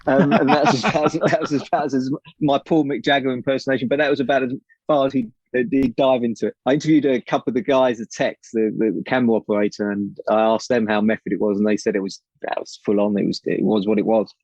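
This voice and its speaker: A man recounts film-set stories with lively energy, often circling back to restart his sentences. His audio comes through dull and lo-fi. The sound is dry and close, with no room around it. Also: mid-range voice, fast, dry recording. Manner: storytelling, lively, with frequent restarts. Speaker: author and guest. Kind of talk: anecdotal interview chat.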